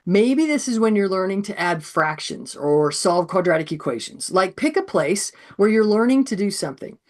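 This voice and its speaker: A woman presents a math teaching webinar, talking with a sore throat. Her pitch moves a lot and she is animated, often acting out classroom scenes. Her pitch sits in the middle range for a woman. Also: moderate pace.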